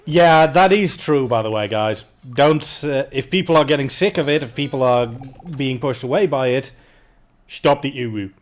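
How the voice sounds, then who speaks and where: A man's voice: medium pitch, moderate pace. A man chatting casually with viewers while playing a game on a charity livestream, joking and poking fun at himself. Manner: joking, self-mocking, chats with viewers.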